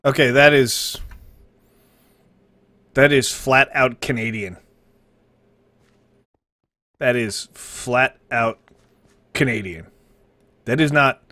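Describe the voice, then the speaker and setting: A man's voice: medium pitch, bright, forceful tone, dry recording. A man hosting a live stream, reacting to viewer links with sarcastic, swearing commentary that sometimes turns mock-preachy.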